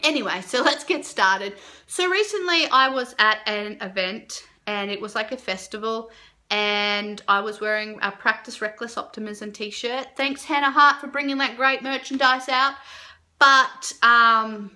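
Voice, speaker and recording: A young woman telling a story to camera in a casual, animated way, with lots of fillers and her own reactions jumping up high. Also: unhurried. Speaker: vlogger.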